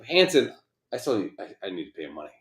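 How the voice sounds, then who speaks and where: A man's voice: low-pitched, sing-song, fast talker, fairly bright tone, roomy sound, slight background noise. A man co-hosting a podcast, rambling and joking with plenty of swearing. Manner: rambling, profane, jokey. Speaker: podcast co-host. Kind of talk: casual chat.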